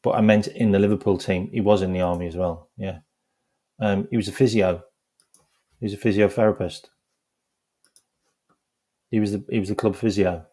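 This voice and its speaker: During a casual live stream on his football fan channel, a man rambles through stories, laughing as he goes and saying "like" constantly. His lowish, dark voice stays fairly even in intonation, moving at a moderate pace with long pauses.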